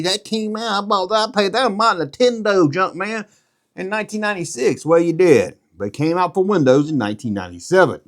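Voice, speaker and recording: Casual vlog host, middle-aged man, slightly high voice, lively jokey rambling delivery. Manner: rambling, joking, animated. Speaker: YouTube collectibles host. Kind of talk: casual show-and-tell vlog.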